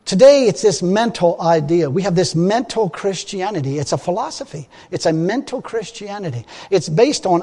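A man's voice: high-pitched, animated, moderate pace, hardly any pauses, dark tone, long reverb tail. A man preaching a sermon in an emphatic, folksy way, often restarting his phrases.

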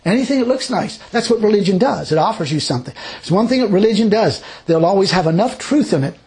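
A man's voice: high voice, animated, fast, darkish tone. A man preaching a sermon, telling stories in a folksy, chuckling way. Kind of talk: sermon with personal storytelling.

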